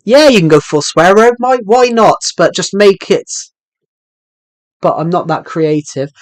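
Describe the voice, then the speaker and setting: Young male streamer, hyper and jokey, slightly high voice, dry close mic. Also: animated, a little slow, no room sound. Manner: hyper, jokey, rambling, answers chat messages. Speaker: live streamer. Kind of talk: casual live-stream chat while gaming.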